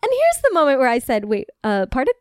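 A woman's voice: sits high, wildly swooping pitch, a little fast, clean tone, dry recording, clean studio sound. A woman hosting a podcast, reading forum posts aloud and reacting with laughter, swearing and lots of "like.". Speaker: podcast host.

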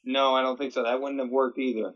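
A young man with a mid-range voice, joking with a blunt, deadpan delivery. He talks casually among friends on a podcast. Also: mid-range voice, fast talker, highs cut off. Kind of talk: casual improv chat.

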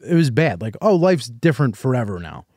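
A podcast host tells a long personal story in a rambling, casual way, full of "like" and restarts, acting out what others told him. His mid-range voice is brisk, sing-song and darkish, captured in clean studio sound with no room noise.

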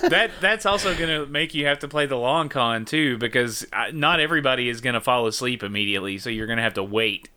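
A man's voice: medium pitch, pushed and bright. A man co-hosting a podcast over a remote call, joking and teasing his friends in casual banter. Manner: joking, quick to tease, steers the talk. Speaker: podcast co-host. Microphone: remote call setup.

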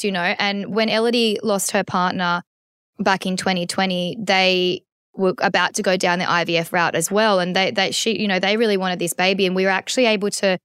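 A woman in her thirties talks openly as an interview guest. Her voice is smooth and resonant. It sits in a dry, close room. She rambles a little, doubling back and reaching for words as she goes. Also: mid-range voice, a bit bright, no room sound. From Australia. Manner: candid and emotional, many restarts and "like"s. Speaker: podcast guest. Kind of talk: conversational interview.

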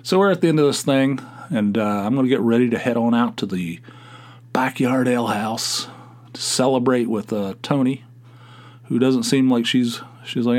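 A man's voice: medium pitch, a little mellow. Man, Appalachian accent, middle-aged, podcast host, casual solo monologue, rambling, lots of fillers. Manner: rambling, halting, full of fillers and restarts.

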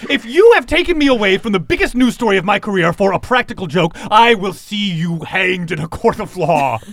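A puffed-up male news anchor, put on by a man running a tabletop game, full of indignant threats. His voice sits high and swings widely as he fumes. It is recorded close and dry. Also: animated, a little fast, a bit bright, no echo. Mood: outraged. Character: pompous self-important male TV news anchor.

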